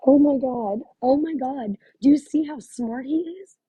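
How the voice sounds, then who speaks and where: A woman's voice: high-pitched, unhurried, husky, dry recording, narrow, tinny audio. A woman working as a psychic medium, talking through a live reading in a gushing, exclamatory way and thinking aloud with many fillers.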